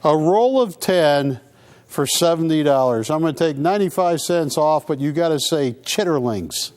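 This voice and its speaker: A man with a high, very lively voice hosts a live coin sales broadcast, bouncing between price pitches and playful teasing. His delivery swings up and down as he jokes with the crew and viewers. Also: normal speed. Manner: joking, animated salesman banter. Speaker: coin sales show host.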